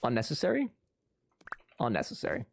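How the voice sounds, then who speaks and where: A man's voice: mid-range voice, wildly swooping pitch, brisk, gravelly, slight background noise. A man streaming live, chatting casually and answering his chat with sarcastic, joking banter.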